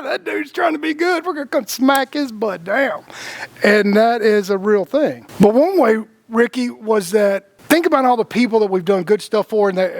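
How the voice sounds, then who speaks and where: A man's voice: high-pitched, no room sound. A man co-hosting a casual spiritual chat, rambling, repeating words, laughing often and acting out the voices of people he quotes. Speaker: podcast co-host.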